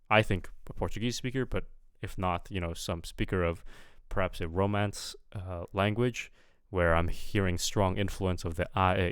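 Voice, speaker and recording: A man giving casual feedback as a coach, halting with many fillers and repeating sounds aloud. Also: deep voice, clean tone, no room sound, studio quality. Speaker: accent coach.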